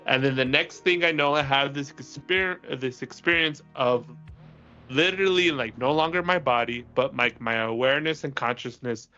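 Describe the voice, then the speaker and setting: Bright-voiced man telling a rambling story. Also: medium pitch, moderate pace, highs cut off, soft background music. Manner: rambling, heavy use of filler "like"; profane, laughs through the telling. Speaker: podcast co-host. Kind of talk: casual storytelling chat.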